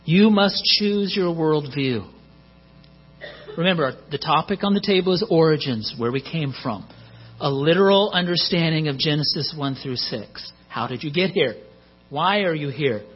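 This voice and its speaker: Husky male preacher, lo-fi hum. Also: a little high, lively intonation, moderate pace. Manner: conversational, joking asides. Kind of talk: sermon. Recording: muffled lo-fi recording with mains hum.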